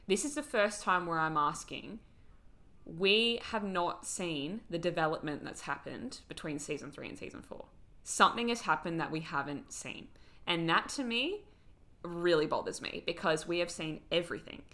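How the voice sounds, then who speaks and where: A woman co-hosts a podcast in casual chat, telling the story in a rambling, animated way. Her voice sits a little low but has a bright, forceful edge. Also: moderate pace. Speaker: podcast co-host. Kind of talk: casual chat recapping a TV episode.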